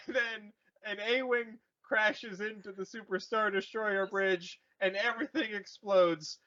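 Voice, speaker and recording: A man hosting a podcast, rambling through a jokey recap of a movie and slipping into quick silly voices. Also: sits high, steady tone, pushed and bright, dull audio. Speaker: podcast host retelling a movie. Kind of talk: casual comedic recap.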